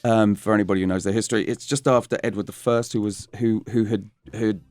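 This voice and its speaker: A man's voice: lowish voice, fast talker, no echo. A man from Essex, England, with an Essex English accent, an actor telling stories as a guest and slipping into voices. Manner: animated storyteller, slips into voices. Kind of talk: casual interview chat.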